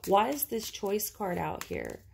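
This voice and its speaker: A woman's voice: medium pitch, wildly swooping pitch, a little slow, gravelly, a little mellow, a little hiss or hum. A woman giving an intuitive tarot reading, talking casually and thinking aloud with many fillers. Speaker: tarot reader.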